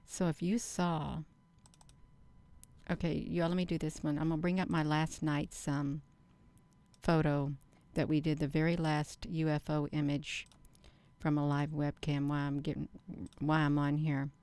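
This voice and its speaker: Low raspy-edged lady rambling on her channel, slow and earnest, dry sound. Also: flat delivery, a little mellow, no room sound. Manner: slow, earnest, addresses viewers as "you all". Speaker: channel host. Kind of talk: rambling casual monologue.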